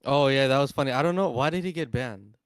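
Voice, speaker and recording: A man in his twenties, a student, talking in a deadpan monotone in casual voice-chat banter. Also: medium pitch, fast talker, clear, resonant tone, no room sound, studio quality. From United States. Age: 20s.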